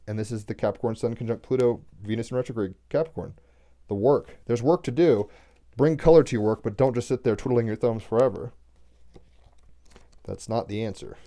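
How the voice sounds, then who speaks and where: A man's voice: mid-range voice, dark tone. A man giving a casual daily card reading, reading aloud from a text and breaking in with chatty astrology asides. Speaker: oracle card reader.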